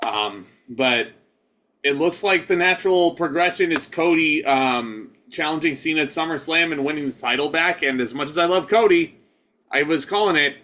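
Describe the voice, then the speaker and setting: A man's voice: fairly high pitch, moderate pace, bright, forceful tone. A man co-hosting a casual wrestling review podcast, easygoing and hedging with casual swearing. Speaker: podcast co-host.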